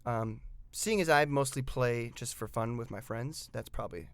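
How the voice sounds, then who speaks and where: A man talks through his favorite tabletop game pieces in a relaxed, excited way, full of ums and uhs. He reads the rules aloud, then chimes in with his own take. His voice sits at a middle pitch, and the recording is dry, with no room sound. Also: normal speed, dry recording. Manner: chatty and enthusiastic, with frequent fillers. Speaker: tabletop miniatures game reviewer. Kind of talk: casual hobby review.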